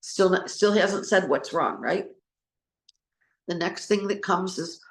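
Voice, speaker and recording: A woman's voice: fairly low pitch, takes it slowly, long pauses. A woman trauma recovery coach giving an informal talk, telling stories and acting out what others said. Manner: storytelling, acting out quoted voices. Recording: echoey room.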